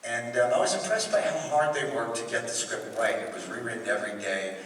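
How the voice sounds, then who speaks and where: A man in his sixties, a voice actor talking as a guest at a live convention panel, telling animated stories. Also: mid-range voice, brisk, a little hiss or hum. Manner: animated storytelling, slips into comic voices. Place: large convention hall. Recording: echoey hall, voice from far off.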